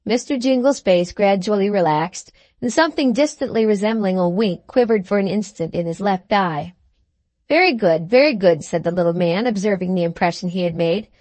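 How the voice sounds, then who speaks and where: A woman narrating an audiobook of a classic novel in measured storytelling tone, close to the mic. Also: medium pitch, dark tone, no room sound. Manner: measured storytelling, voices each character. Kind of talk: scripted narration.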